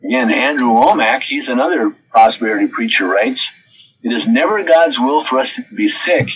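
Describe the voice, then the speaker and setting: A man's voice: medium pitch, lively intonation, normal speed, a bit bright, slight background noise, low-quality recording. A man preaching a sermon who reads quotes from his notes and then answers them with pointed questions.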